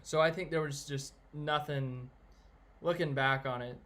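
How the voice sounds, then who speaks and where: A man's voice: fairly high pitch, fairly even intonation, unhurried, a bit bright. A man chatting casually on a live stream, answering viewers and giving blunt opinions in a rambling way. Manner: rambling, opinionated, reads out chat names.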